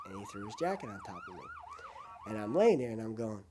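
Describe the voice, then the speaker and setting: An older man recounting his past in a documentary interview, swinging between loud, emotional bursts and hushed asides. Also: medium pitch, huge pitch swings, brisk, background noise.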